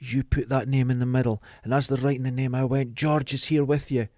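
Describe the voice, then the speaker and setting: A man's voice: mid-range voice, brisk, dry recording, clean studio sound. A middle-aged Scottish man on a podcast, telling stories in casual chat and acting out what people said. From Scotland. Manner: animated storyteller acting out quotes. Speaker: podcast host.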